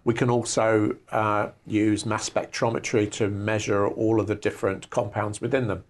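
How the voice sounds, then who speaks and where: A man's voice: lowish voice, level tone, normal speed. A middle-aged man who directs a research institute, answering interview questions with enthusiastic explanations.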